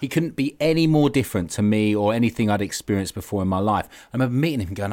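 South London man in his thirties, low and lively, loose chatty guest who swears. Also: very fast, hardly any pauses, no echo. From England. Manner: chatty, swears freely, many fillers. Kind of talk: casual podcast chat.

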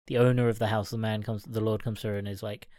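A man co-hosting a podcast, retelling a film in an animated, jokey way. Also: lowish voice, fast, no echo, clean studio sound. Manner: animated, jokey storytelling with a lot of laughing. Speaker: podcast co-host. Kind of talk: casual chat.

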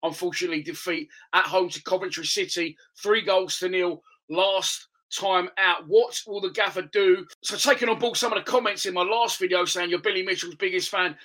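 High, bright-voiced football podcast man. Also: fairly even intonation, normal speed, hardly any pauses, low-quality recording. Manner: opinionated, conversational fan analysis. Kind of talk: football match preview monologue.

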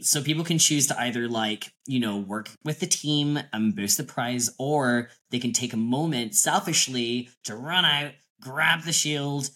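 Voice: mid-range voice, a bit bright. A podcast co-host, chatting casually in a rambling way full of fillers and swearing. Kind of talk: casual chat.

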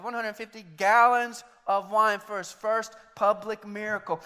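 A man's voice: high-pitched, sharp tone, big-room sound. A man preaching a sermon, reading scripture aloud and adding joking asides.

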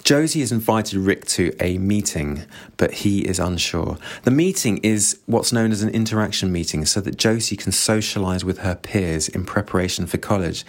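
A man discussing a novel chapter by chapter, reflective and musing aloud, reading quotes. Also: sits low. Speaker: book reviewer.

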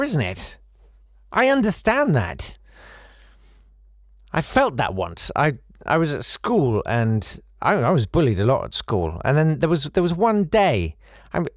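A man's voice: on the high side, no room sound, studio quality. A man delivering a satirical comic monologue, full of sarcastic, mocking asides. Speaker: comedian.

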